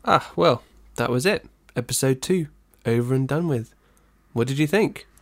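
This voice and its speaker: Hungover man from Dorset, dry and deadpan. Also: medium pitch, normal speed. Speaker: podcast co-host. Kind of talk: casual chat.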